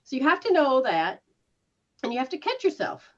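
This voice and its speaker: A woman's voice: sits high, huge pitch swings, moderate pace, lo-fi sound. A woman healer coaching someone one-on-one in a casual way, acting out reactions with gasps and laughs. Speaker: spiritual healer giving live sessions.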